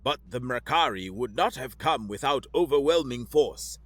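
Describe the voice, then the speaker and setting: A precise alien guide with a synthetic edge, as a narrator voices him, clipped and exact beneath his nerves. The reading is bright and dry, close to the mic, in a sci-fi audiobook. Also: mid-range voice, expressive, normal speed, dry recording, faint music behind, lightly acted. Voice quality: synthesized-sounding.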